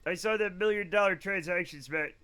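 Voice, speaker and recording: A man live-streams a space game, rambling and cracking jokes with his chat as he plays. His voice is high, pushed, bright and smooth, and he talks a little fast.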